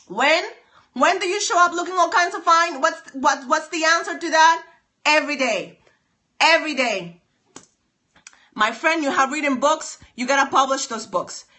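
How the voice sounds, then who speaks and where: A woman live-streaming from her phone, giving an excited, emphatic motivational talk full of repeated lines. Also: high-pitched. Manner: emphatic, repetitive, preachy. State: excited and sweaty.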